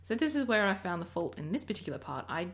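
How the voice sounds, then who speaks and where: Very animated and fast, a mid-range-voiced Australian woman narrates her recorded Minecraft footage as a let's player. She chats casually, wanders off topic, and frequently interrupts herself partway through sentences.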